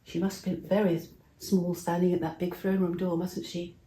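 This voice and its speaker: A woman telling a Bible story to children in a gentle way, asking her listeners questions. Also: on the low side, little pitch movement, normal speed. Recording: roomy echo.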